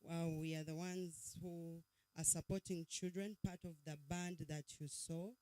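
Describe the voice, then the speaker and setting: Man, slightly high, mellow tone, brisk intro, dry close mic. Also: little pitch movement, dry recording, rough recording. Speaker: youth worker introducing himself.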